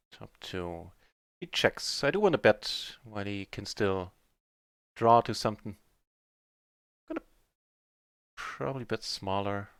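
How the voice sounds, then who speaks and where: A man streaming live poker, chatting through his hands in a mutter that breaks into excited shouts on big wins. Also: lowish voice, clean tone, dry recording, clean studio sound.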